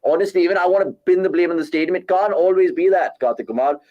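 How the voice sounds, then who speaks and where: A man reacts live to a cricket match, his voice pitched high. He rants with heated exasperation, swearing freely as he vents about the bowling. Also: fast talker, narrow, tinny audio. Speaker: cricket watchalong co-host.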